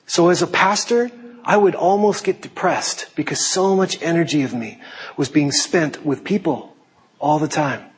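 Husky male preacher in a reverberant hall. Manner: animated, jokey, puts on high panicky voices. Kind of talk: sermon with acted asides.

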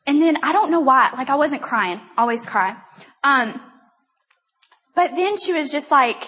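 At a church gathering, a young woman gives a chatty, rambling testimony, self-deprecating and quick to laugh. Her high, expressive voice sounds pushed and bright, carried on the long reverb of a hall.

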